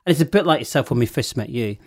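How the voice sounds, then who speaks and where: A man's voice: medium pitch, racing, no room sound, clean studio sound. Chatty man telling stories. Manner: animated storyteller, laughs often. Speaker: wine shop owner. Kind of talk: casual chat.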